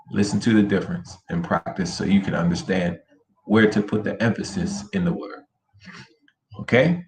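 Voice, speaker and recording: A man teaching a Spanish lesson over a shared screen, slowly repeating words for students to copy. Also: low-pitched, expressive, a little hiss or hum. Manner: slow, drilling words by repetition. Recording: roomy echo with faint ambience.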